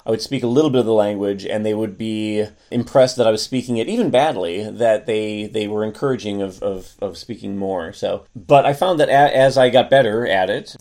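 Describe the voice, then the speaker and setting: A man's voice: on the low side, a little mellow. American man explaining things in a podcast. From United States. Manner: explanatory, with many restarts and fillers. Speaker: podcast co-host. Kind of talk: casual podcast chat.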